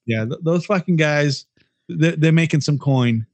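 A man's voice: a little high, measured pace, dry recording. A man co-hosting a podcast in casual, profane, rambling chat, often laughing. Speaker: podcast co-host.

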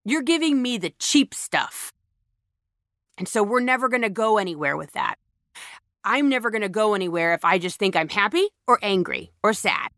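A woman's voice: mid-range voice, lively intonation, normal speed, fairly bright tone, no echo, clean studio sound. A woman with children talking frankly about emotions in a casual motivational monologue, blunt and emphatic, often repeating herself and restarting phrases. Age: adult, has children. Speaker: speaker on emotions.

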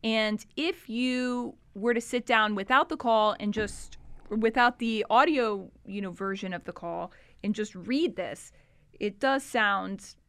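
A woman's voice: mid-range voice, slow, fairly bright tone, clean tone, dry recording. Chatty woman co-hosting a crime podcast. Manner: conversational, many fillers and restarts. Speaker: podcast co-host. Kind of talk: casual true crime discussion.

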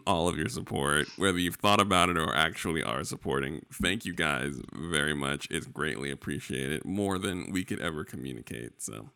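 A man's voice: very deep voice, normal speed, gravelly, few pauses, sharp tone, smooth, no echo, studio quality. A man co-hosting a podcast in casual, rambling, joking chat. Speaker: podcast co-host.

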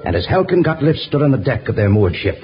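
A man narrating an old radio drama with an even storytelling delivery. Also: medium pitch, fast talker. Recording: dull old radio recording with music.

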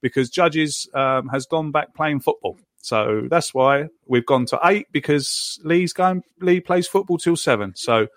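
A man's voice: on the high side, measured pace, few pauses, a bit bright, dry recording, studio quality. A man hosting a casual football podcast, chatting and moderating the live chat. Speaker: podcast host.

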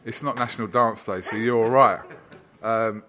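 A man's voice: lowish voice, steady tone, moderate pace, pushed and bright. A man interviewing a guest in casual, teasing banter. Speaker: sports interviewer.

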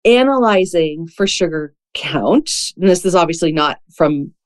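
A woman's voice: fairly low pitch, animated, unhurried. A woman hosting a podcast interview, telling a story in a chatty way full of "like" fillers. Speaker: podcast host. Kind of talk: casual conversational interview.

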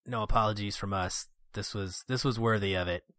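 Man, lowish voice, upbeat podcast host, dry close sound. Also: fairly even intonation, brisk, a bit bright, no room sound. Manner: upbeat, plugs the show eagerly. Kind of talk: casual film podcast chat.

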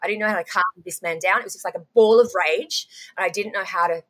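A young woman with an Australian accent rattles through her story at a brisk clip. She keeps going with ums, restarts and quick asides, and her pitch sits in an ordinary middle range. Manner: animated, rapid recounting with frequent ums and restarts. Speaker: guest. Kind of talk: candid storytelling in conversation.

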